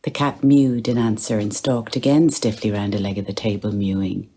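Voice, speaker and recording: A woman's voice: rumbling low, steady tone, moderate pace, dark tone, husky. A woman giving a literary reading, lingering over phrases and dropping to near-whispers. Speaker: reader.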